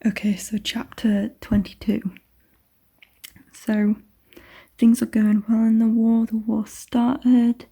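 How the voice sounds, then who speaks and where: A woman's voice: fairly high pitch, level tone, slow pace, vocal fry, pauses often, mellow, slightly rough. A young woman casually recapping a novel for her reading vlog, chatty and swearing freely, often dropping into a whisper. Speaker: book vlogger.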